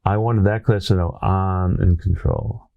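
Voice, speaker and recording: A man's voice: sits low, a little slow, gravelly, no echo, phone-quality sound. A man with a Brooklyn accent, a former teacher telling a classroom story as an interview guest, often checking in with "right?". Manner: animated storyteller, tag questions like "right?". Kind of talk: anecdotal storytelling in conversation.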